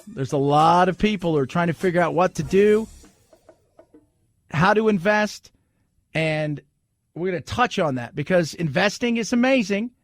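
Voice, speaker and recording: A male talk radio host with a fairly high voice, talking in a lively and sarcastic way. His casual monologue sits over a faint music bed. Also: moderate pace, pauses often, no room sound. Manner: animated, sarcastic, conversational.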